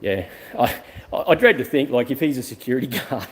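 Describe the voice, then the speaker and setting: A man's voice: mid-range voice, animated, brisk. An Australian man vlogging around a car yard, chatting to viewers in a blunt, rambling way and swearing freely. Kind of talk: casual rambling chat to viewers.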